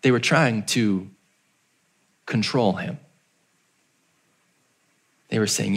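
A man preaching a sermon as pastor, telling the story and acting out the townspeople in a raised voice, then dropping low and quiet for emphasis. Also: expressive, a little slow, long pauses, slightly rough.

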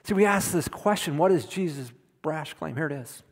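Middle-aged male preacher, somewhat high voice, emphatic sermon delivery, long hall reverb. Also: moderate pace. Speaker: pastor.

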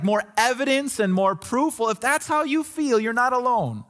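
A man's voice: very high voice, very animated, moderate pace, few pauses, a bit bright. A male pastor delivering a sermon in an earnest, conversational way, often restarting his sentences.

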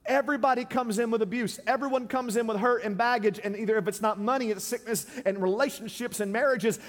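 A preacher in a church, his voice sitting very high as he swings from shouted exhortation down to near-hushed pleading. The sound rings with a long reverb from the hall around him. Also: steady tone, fast talker, hardly any pauses. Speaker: pastor. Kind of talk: sermon.

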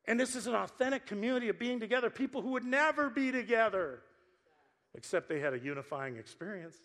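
Guy pastor preaching, high-ish voice, jokey and animated, telling stories from the pulpit. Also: quick pace. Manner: animated, joking storyteller. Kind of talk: sermon. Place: church sanctuary.

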